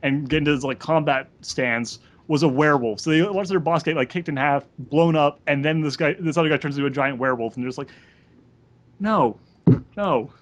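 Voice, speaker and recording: A man on a podcast, casually telling tabletop role-playing stories and acting out characters' lines in an animated way. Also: a little high, fast, few pauses. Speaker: podcast co-host.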